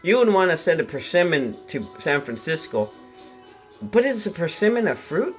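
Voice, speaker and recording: Casual co-host: a rambling, joking man with a higher voice, faint music behind him. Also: sing-song, moderate pace. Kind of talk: casual banter.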